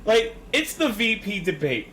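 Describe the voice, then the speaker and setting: A man's voice: high-pitched, very animated, unhurried, a bit bright, a little hiss or hum. A man streaming a video game, chatting casually with his viewers in profane, joking banter. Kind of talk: casual chat with viewers while gaming.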